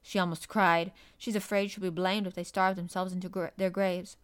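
An indignant, fussy middle-aged housekeeper, put on by a woman reader. She complains with loud, exasperated force. A storybook servant's voice. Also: lowish voice, little pitch movement, normal speed, clear, resonant tone, close to an everyday voice.

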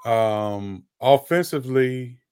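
A man's voice: mid-range voice, slow, a little mellow, clear, resonant tone. A man hosting a casual sports podcast, often repeating words as he gathers his thoughts. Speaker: podcast host, former player.

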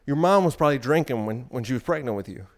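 A man's voice: medium pitch, animated, fast, darkish tone. A man hosting a solo podcast, rambling in a provocative, irreverent way while out of breath from exercise. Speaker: podcast host.

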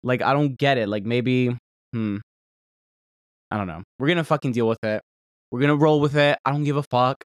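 Southern male podcast host, casual, profane rant, swings from loud to mumbled, close dry mic. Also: medium pitch, moderate pace, pauses often, no echo. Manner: rambling, profane, self-deprecating, jumps between loud outbursts and mutters. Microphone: desk microphone held close.

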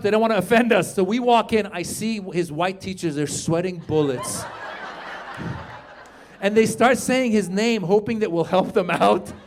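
A man from Iran performing an animated stand-up comedy set on a club stage, shouting some punchlines. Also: sits high, a little hiss or hum. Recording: live club recording with audience.

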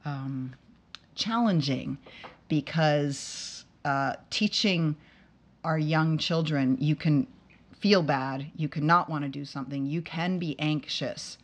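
A woman with a slightly low voice hosts a casual interview. She speaks reflectively and hesitantly, often restarting her sentences. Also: slow. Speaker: interview host, musician and composer.

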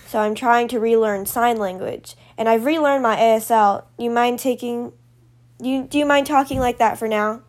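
A calm, self-assured young woman speaking in a steady, matter-of-fact way, voiced by a woman reading a story aloud. The voice sits a little high and stays even-tempered. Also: normal speed, natural voice. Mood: earnest.

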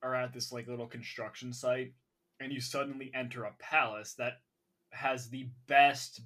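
A man's voice: medium pitch, fairly even intonation, normal speed, sharp tone. A man hosting a casual podcast, eager and talking with lots of fillers. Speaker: podcast host. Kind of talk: casual podcast chat about a video game.

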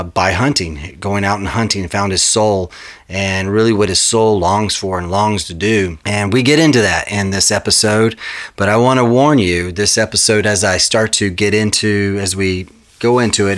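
A man hosts his podcast in a relaxed, rambling way, full of fillers and restarts. His voice sits on the low side. He talks casually, as if chatting with a friend. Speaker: podcast host. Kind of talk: casual podcast ad read and intro.

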